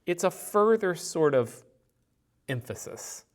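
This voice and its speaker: A man's voice: a little high, sing-song, slow pace. A man teaching a recorded Greek grammar lecture, thinking aloud and explaining patiently with examples.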